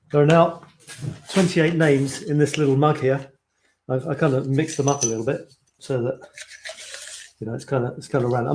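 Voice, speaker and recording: A man hosts a live online stream from home, talking loosely and rambling as he greets viewers. He reads their comments aloud and chats back in a relaxed, off-the-cuff way. His pitch sits in an ordinary middle range for a man. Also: a little hiss or hum. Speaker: host of a photo challenge livestream. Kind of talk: casual live stream chat.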